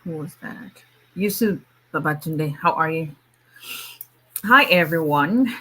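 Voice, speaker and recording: Bright-voiced woman attorney chatting live. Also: sits low, expressive, takes it slowly. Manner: chatty, laughs often, frequent restarts. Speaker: immigration attorney hosting a livestream. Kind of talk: casual livestream chat.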